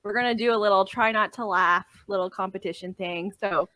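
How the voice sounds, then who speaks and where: A woman's voice: mid-range voice, a little fast, sharp tone, no echo. A woman co-hosting a casual podcast chat over drinks, joking and giggling as she explains the rules of a game. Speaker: podcast co-host.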